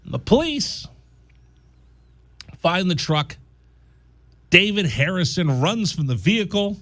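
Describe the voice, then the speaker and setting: A high-pitched male voice, slow and with no room sound. Hosting a college radio talk show, he tells a joke-filled story with lively energy, dropping into mock voices during the casual banter.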